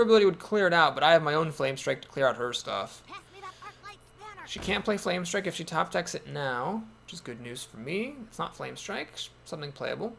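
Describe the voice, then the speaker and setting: Gravelly, lively man thinking aloud. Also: fairly high pitch, slight background noise. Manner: thinking aloud, wry and self-doubting. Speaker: gameplay commentator. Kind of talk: casual game commentary.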